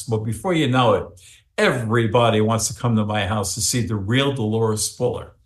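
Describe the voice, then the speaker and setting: A man's voice: fairly low pitch, echoey room. A man who is a psychic medium and a guest on an interview show, telling a long, rambling story with many fillers.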